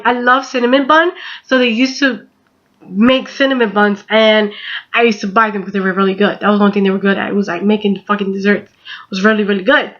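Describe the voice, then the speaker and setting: A woman's voice: high-pitched, pushed and bright, lo-fi sound. A woman in her twenties telling a storytime, rambling with constant "like" and casual swearing. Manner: rambling, heavy use of "like", frequent swearing. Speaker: vlogger.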